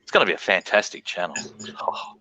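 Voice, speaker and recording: Man, low voice, bright tone, profane laughing storyteller, casual live-stream chat. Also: big pitch swings, brisk, muffled recording, a little hiss or hum. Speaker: panel host.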